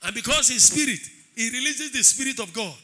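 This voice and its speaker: High-pitched preacher with bright voice. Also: male voice, expressive, brisk. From Nigeria. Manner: preaching with call-and-response, swelling into shouted declarations. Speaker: pastor. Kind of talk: sermon.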